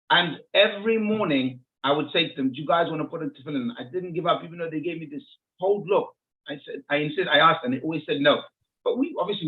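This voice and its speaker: A middle-aged man, a rabbi, telling a lively story on a talk show and acting out the dialogue as he goes. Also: a little high. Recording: phone-like narrow sound.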